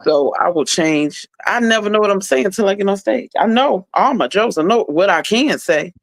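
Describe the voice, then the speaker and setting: A woman's voice: medium pitch, lively intonation, moderate pace, gravelly, no room sound. A woman comedian talking as a podcast guest, blunt and profane, telling stories in casual slang.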